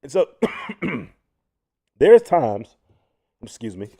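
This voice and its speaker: A man's voice: medium pitch, very slow, husky. A man hosting a casual commentary livestream who talks to viewers directly and often restarts his sentences. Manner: animated, frequent restarts, addresses viewers as y'all. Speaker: livestream host.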